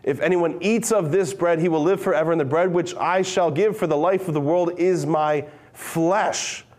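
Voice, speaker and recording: Emphatic preacher, man, fairly high voice. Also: a little mellow. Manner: emphatic, with casual asides and quick questions to listeners; reads scripture aloud with dramatic slowing. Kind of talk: conversational sermon.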